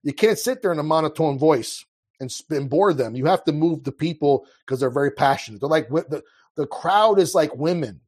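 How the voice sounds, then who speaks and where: A man with a husky, slightly breathy voice that sits a little high for a man. He talks earnestly and with passion, often breaking off and restarting his sentences in a loose, conversational flow. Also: expressive, brisk, a little mellow. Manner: earnest, impassioned, with frequent restarts. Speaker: podcast guest. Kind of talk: casual conversational monologue.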